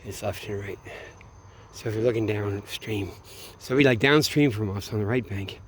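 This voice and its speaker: A man's voice: on the low side, moderate pace, slight background noise. A man from Minneapolis in a meandering, late-night solo monologue, swearing freely and often trailing off mid-thought. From Minneapolis, USA. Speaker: vlogger.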